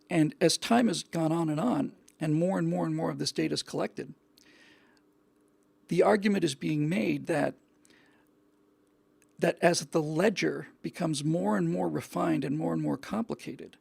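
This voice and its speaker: A man's voice: fairly high pitch, creaky, darkish tone, slightly rough, dry recording. A male show host giving an earnest opinion monologue, often repeating words and restarting his sentences.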